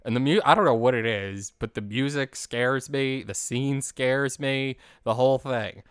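Chatty man in his late twenties, smooth voice. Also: mid-range voice, measured pace, no room sound, clean studio sound. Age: late 20s. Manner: chatty, animated storyteller. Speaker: podcast host. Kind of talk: casual recap of a holiday special.

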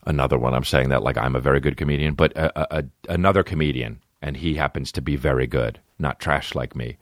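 A man hosting a podcast, telling stories in a rambling, swearing, comedic way and breaking into high, silly voices. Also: quick pace, dry recording, clean studio sound. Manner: swearing, rambling, jumps into high-pitched impressions. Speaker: podcast host. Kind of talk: casual comedic rambling monologue.

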